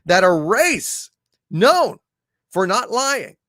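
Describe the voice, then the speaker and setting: A man's voice: high-pitched, sing-song, extremely slow, a bit bright, dry recording, studio quality. A man co-hosting a live pop culture show, ranting emphatically and restarting his sentences. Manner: indignant, emphatic, restarts often. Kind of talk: casual live-stream commentary.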